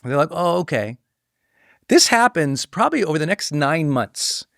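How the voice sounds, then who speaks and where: A middle-aged man hosting a podcast, telling a personal story in a lively way and acting out the voices of the people he quotes. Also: brisk, gravelly, no echo, studio quality. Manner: animated, acts out quoted voices with pitch jumps. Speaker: podcast host.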